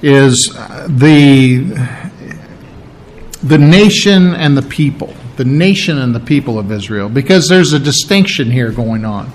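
A middle-aged man giving a verse-by-verse Bible teaching, unhurried and explanatory, pausing on fillers as he works through the text. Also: medium pitch, lively intonation, rough recording. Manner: unhurried, with frequent fillers and restarts while explaining.

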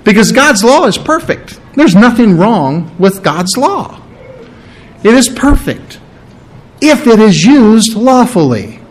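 Animated preacher man, slightly high voice. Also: takes it slowly. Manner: animated, rhetorical questions, acts out quoted voices. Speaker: pastor. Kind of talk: sermon.

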